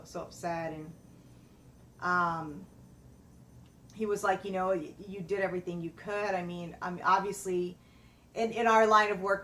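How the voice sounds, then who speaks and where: A middle-aged woman, a personal trainer, telling a personal story in a halting, emotional way with many fillers and restarts. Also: lowish voice, fairly bright tone, slight background noise.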